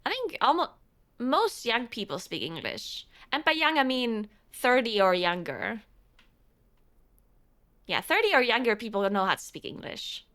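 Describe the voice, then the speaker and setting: Bright-voiced woman chatting on stream. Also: on the high side, big pitch swings, measured pace. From South Tyrol, Italy. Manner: rambling, frequent restarts, reads out chat. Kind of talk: casual chat with viewers.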